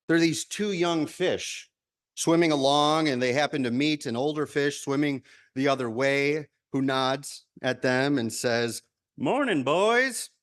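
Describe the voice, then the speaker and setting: A male minister giving a measured, reflective sermon, repeating key lines for emphasis. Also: mid-range voice, fairly even intonation, clear, resonant tone.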